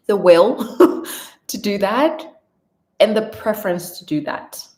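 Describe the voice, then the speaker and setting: A woman vlogger chatting casually through viewer questions, animated, laughing and trailing off now and then. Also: mid-range voice, reverberant. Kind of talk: casual Q&A vlog chat.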